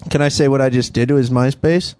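A man's voice: mid-range voice, steady tone, fast talker, dark tone, no echo, clean studio sound. A young man co-hosting a casual talk show, teasing and sarcastic. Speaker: show co-host. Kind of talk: casual studio chat.

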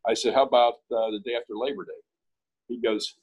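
A man's voice: mid-range voice, steady tone, quick pace, husky, low-quality recording. A man from Pittsburgh, a guest in an interview, telling a story in a casual way and acting out both sides of the dialogue.

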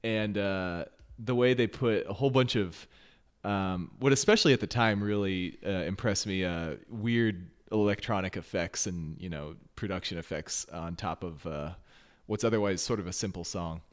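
Low-voiced man in easygoing chat. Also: normal speed. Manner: rambling, filler-heavy. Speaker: podcast co-host. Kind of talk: casual chat.

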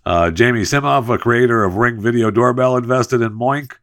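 A man's voice: medium pitch, moderate pace, fairly bright tone. A man hosting a talk show, reading an ad in a loose, jokey way and then talking sports news. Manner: loose, jokey, playful asides. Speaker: podcast host. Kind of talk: casual sports talk with host-read ad.

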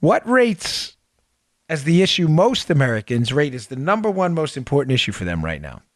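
A man's voice: on the high side, sing-song, moderate pace, dry recording, studio quality. A man hosting a podcast, giving emphatic, sarcastic political commentary and repeating phrases for effect. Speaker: podcast host.

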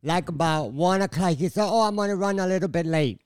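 A man's voice: high-pitched, fairly quick, smooth, no room sound, clean studio sound. Older man with a Puerto Rican accent. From Puerto Rico. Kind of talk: casual chat.

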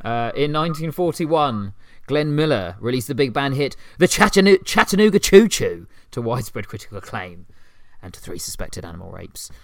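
A man hosting a comedy podcast, delivering absurd quiz facts deadpan and giggling between them. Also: medium pitch, normal speed, no echo. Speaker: podcast host.

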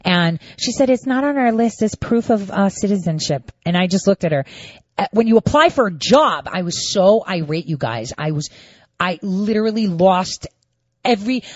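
Indignant woman telling a story, animated. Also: mid-range voice, normal speed, dry recording, muffled recording. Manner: animated, indignant, acts out both sides of conversations. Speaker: storyteller recounting a voting dispute. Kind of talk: casual monologue to viewers.

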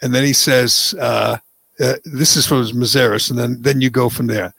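Sarcastic talk host, gravelly voice. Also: male voice, mid-range voice, steady tone, normal speed, fairly bright tone, dry recording. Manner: sarcastic, mocking, scornful. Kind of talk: opinionated political talk radio commentary.

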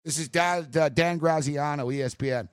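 A man co-hosting a sports talk show in a slightly higher voice, ranting with quick asides. The sound is close and dry, with no room around it. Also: clean tone, no room sound. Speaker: sports podcast co-host.

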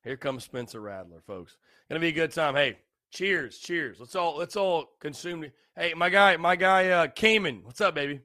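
A man's voice: fairly high pitch, animated, normal speed, pushed and bright, no echo, clean studio sound. A young man hosting a casual solo podcast, tipsy, rambling and repeating himself. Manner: rambling, repetitive, loose and tipsy. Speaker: podcast host.

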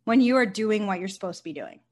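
A woman, a nurse and company founder, talking casually in an interview and telling stories with lively, acted-out quotes. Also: mid-range voice, quick pace. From United States. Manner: animated storyteller, acts out quotes, swears casually.

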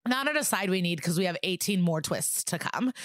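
A woman's voice: fairly low pitch, animated, brisk, fairly bright tone, dry recording, clean studio sound. A woman co-hosting a podcast, recapping a TV episode in a breezy, jokey, profane way. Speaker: podcast co-host. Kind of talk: casual comedic episode recap.

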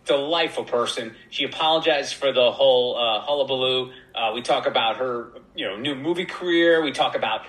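Guy rattling off a story fast, does little voices for people, sounds roomy. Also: medium pitch. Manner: animated, acts out voices in quotes. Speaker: podcast guest. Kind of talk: casual storytelling.

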